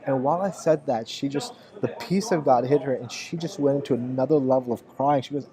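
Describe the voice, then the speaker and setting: A man's voice: mid-range voice, fairly quick, few pauses, crowd noise. A man giving a casual spoken ministry update and earnestly telling a story, quoting people in his own voice. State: choked up with emotion.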